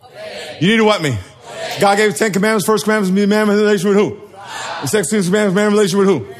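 A man's voice: sits high, fairly even intonation, very fast, some chatter behind. A man preaching a sermon to a live congregation, joking and quizzing the people in front of him. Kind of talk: sermon with call and response.

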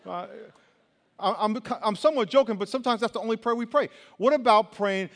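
A young man preaching as a youth pastor, animated and colloquial, swinging between loud and hushed. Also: high-pitched, brisk. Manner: colloquial, says y'all. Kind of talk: sermon. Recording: long reverb of a large hall.

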